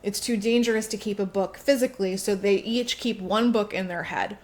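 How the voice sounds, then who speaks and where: A woman's voice: a little fast, darkish tone. A woman co-hosting a podcast, retelling a book's plot in casual chat, swearing freely and acting out the characters' lines. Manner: chatty, swearing, acts out characters' lines with big jumps in pitch. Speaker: podcast co-host.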